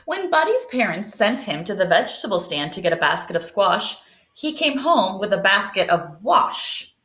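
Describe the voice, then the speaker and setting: A woman's voice: medium pitch, normal speed, roomy sound. A woman teacher reading a picture book aloud to children, asking them questions as she goes. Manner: lively, questioning, speaks to children. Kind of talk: read-aloud storytime.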